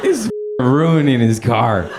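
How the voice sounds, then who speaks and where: A man's voice: medium pitch, very animated, slow pace, background noise. A young man doing stand-up, telling a long story in a loose, profane way and chuckling as he goes. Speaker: stand-up comedian. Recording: live room with audience laughter.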